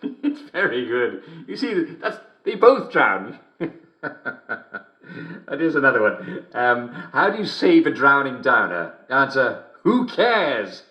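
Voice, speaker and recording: A giggling, cruel English TV host. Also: male voice, medium pitch, big pitch swings, slow, sharp tone, lo-fi sound, heavily acted. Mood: jovial, mocking. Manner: jolly, giggling constantly between lines. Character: gleeful middle-aged male TV host, smugly cruel. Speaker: television host. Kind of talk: video game character performance. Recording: roomy echo.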